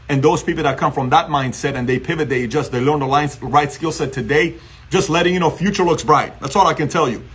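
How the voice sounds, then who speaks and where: A man's voice: fairly high pitch, fairly bright tone, breathy edge. A man from Iran with an Iranian accent, hosting a motivational live stream and taking callers, talking emphatically and repetitively.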